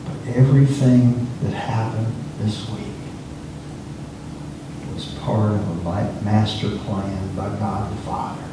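Preacher's voice echoing from afar. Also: male voice, lowish voice, fairly even intonation, slow pace, noisy background. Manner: emphatic, repeats words when speeding up. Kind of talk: sermon. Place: church sanctuary. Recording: echoey church from far off.

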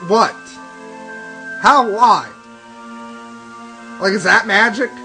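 A man's voice: high voice, extremely slow, sharp tone, poor audio. A young man doing profane, sarcastic let's play commentary, ranting and swearing constantly. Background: game music.

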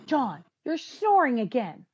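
Blanche, a nagging radio wife. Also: female voice, very animated, unhurried, noisy background. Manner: shrill nagging complaints. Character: nagging sleepless wife, exasperated middle-aged. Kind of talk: old-time radio comedy acting.

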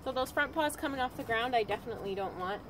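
A woman dog trainer calmly explaining, step by step, how she trains a dog. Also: fast, background noise. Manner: calm, practical explaining with frequent high-pitched praise to the dog.

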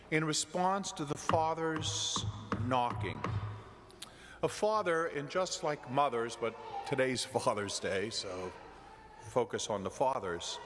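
Slow, lively priest preaching. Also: male voice, on the high side, slight background noise. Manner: gentle storytelling with jokes. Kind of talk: sermon. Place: church. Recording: church with long reverb.

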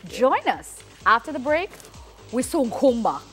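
A woman's voice: fairly high pitch, big pitch swings, soft background music. Playful Jamaican woman talk-show host. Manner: playful, quick banter. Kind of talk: lively studio chat. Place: TV studio.

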